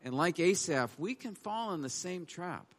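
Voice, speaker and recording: A man's voice: sits high, lively intonation, moderate pace. A man preaching a sermon, reading verses aloud and voicing the psalmist's complaints with rising emphasis. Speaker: pastor.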